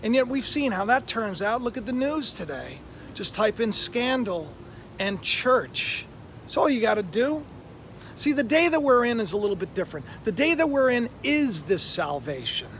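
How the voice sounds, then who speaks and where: High-pitched guy doing a laid-back sermon, lots of you know and right, faint crickets in the background. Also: very animated, normal speed, a bit bright, slight background noise. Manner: conversational, with many fillers and tag questions. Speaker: online preacher, channel host. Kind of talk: casual sermon.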